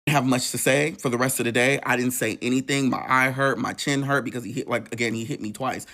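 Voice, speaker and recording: A man telling a painful personal story in an emotional, profane, animated way. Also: mid-range voice, fairly quick. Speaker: storytelling vlogger.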